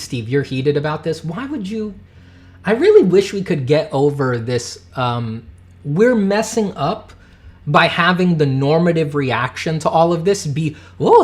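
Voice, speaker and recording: A man in his thirties hosting a livestream, reading chat and ranting in a heated voice that swings from shouting to muttering, often swearing. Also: fairly high pitch. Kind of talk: casual livestream rant.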